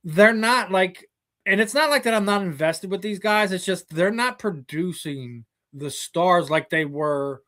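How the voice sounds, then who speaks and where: A man's voice: high voice, a little slow, pushed and bright. A man hosting a casual sports interview, making long, winding, opinionated points. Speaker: interview host.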